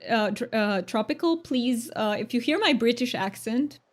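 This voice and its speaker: A woman's voice: a little high, animated, unhurried, faint music behind. A woman from Romania streaming a game, chatting with her viewers in a bubbly, giggly way. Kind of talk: casual live-stream chat.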